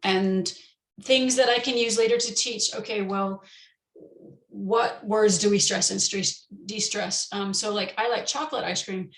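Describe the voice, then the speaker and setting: A woman teacher walks through classroom activities in an online conference session. Her voice has a gravelly fry, and she explains in a relaxed way, pausing on ums and restarting phrases. The sound carries an echoey room. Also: mid-range voice. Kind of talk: conference talk on teaching pronunciation.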